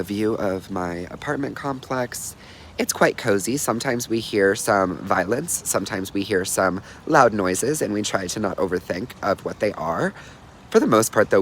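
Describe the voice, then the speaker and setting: A man's voice: mid-range voice, a little hiss or hum. A young man chatting casually on a livestream, bubbly and talkative, reading viewer comments and telling stories. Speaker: livestream host.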